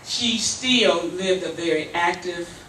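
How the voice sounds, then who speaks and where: A woman's voice: on the low side, slow pace, bright, forceful tone. Heartfelt woman, echoey distant hall. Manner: heartfelt, informal, a little breathless. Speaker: foundation president welcoming the audience. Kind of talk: welcoming remarks at a town hall. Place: community meeting hall. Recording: roomy hall, far from mic, faint noise.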